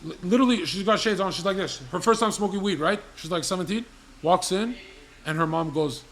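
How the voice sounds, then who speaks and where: A man's voice: fairly high pitch, brisk, fairly bright tone. Profane rambling man telling stories. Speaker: livestream host. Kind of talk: crude comedic storytelling.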